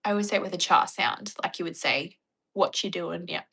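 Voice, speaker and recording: Woman streamer, bright voice, playful chat with viewers. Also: on the low side, fast talker, vocal fry, husky. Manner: chatty, playful, laughs often. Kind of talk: casual chat.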